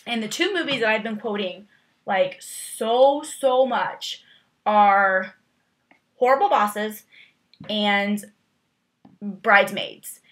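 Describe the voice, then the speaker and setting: Bright, chatty young woman vlogger. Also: fairly high pitch. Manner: chatty, rambling, filler-heavy with lots of "like"; playful, exaggerated emphasis. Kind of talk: casual chat answering tag questions.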